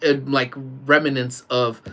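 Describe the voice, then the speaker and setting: A man hosting a casual morning livestream, talking loudly with lots of laughing and joking. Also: medium pitch, little pitch movement, slow. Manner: loud, laughing, joking banter. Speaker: livestream host.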